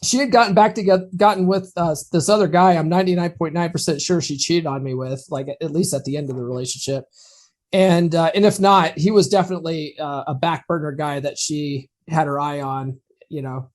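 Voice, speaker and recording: A man's voice: a little high, fairly quick. A man co-hosting a podcast, telling a personal story in a chatty way and laughing at his own lines. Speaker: podcast co-host. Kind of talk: casual chat, personal story.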